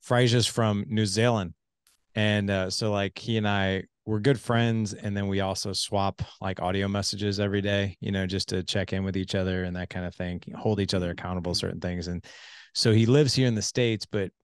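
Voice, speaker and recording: Lowish-voiced joking podcast host, man. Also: steady tone, moderate pace, clean tone, no echo, clean studio sound. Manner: joking, filler-heavy, repeats words. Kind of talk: casual interview chat.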